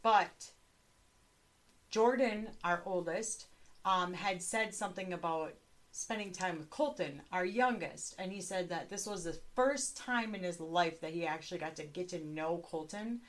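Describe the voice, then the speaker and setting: A woman's voice: on the low side, a little slow. A woman in her forties chatting candidly with her daughter on a podcast, swearing freely and laughing often. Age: 40s. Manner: candid, profane, laughing, rambling. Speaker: podcast co-host, mother. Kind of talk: casual chat.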